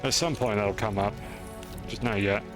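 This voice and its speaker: A man's voice: lowish voice, normal speed, music in the background. A man streaming a game, chatting through his moves in a rambling, self-deprecating way. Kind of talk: gameplay commentary.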